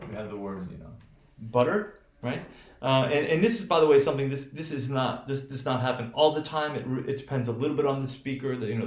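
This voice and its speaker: Halting American phonetics teacher, roomy sound. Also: male voice, mid-range voice, darkish tone. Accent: General American. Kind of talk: recorded remote lecture.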